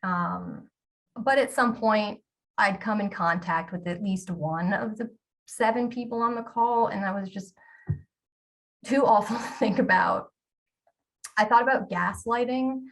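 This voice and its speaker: A woman's voice: medium pitch, a little slow, pauses often, distant mic. A woman in her forties giving a candid, self-deprecating storytelling talk as a keynote speaker, with the odd filler um.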